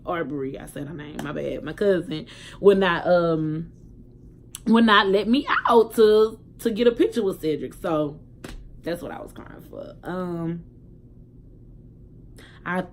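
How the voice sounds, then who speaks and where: Chatty young woman vlogging, low voice. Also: animated, measured pace, pauses often. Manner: chatty and candid, talks straight to viewers. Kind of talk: casual storytelling vlog.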